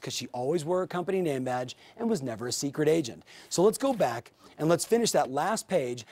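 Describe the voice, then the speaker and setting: Animated man coaching sales agents. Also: on the high side. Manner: energetic, animated coaching with acted-out sample dialogues. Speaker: sales trainer. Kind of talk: training video lecture.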